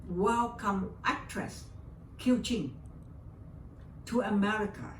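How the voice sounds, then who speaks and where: An older woman from Vietnam, appearing as an interview guest, speaks slowly in a mid-range voice with a Vietnamese accent. English is her second language, and she relates a personal story with feeling, repeating words often. The audio is roomy and distant, carrying a faint hiss.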